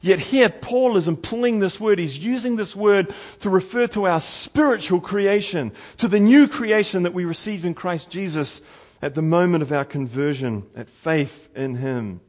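High-voiced preaching man. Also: darkish tone. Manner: earnest, slows down to stress key words. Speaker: pastor. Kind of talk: sermon.

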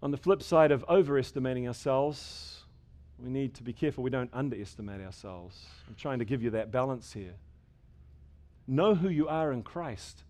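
A man preaching a sermon, building up to loud, emphatic passages and dropping to quiet, measured ones, sometimes repeating words as he restarts. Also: medium pitch. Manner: dynamic preaching, rising and falling sharply in loudness. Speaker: pastor.

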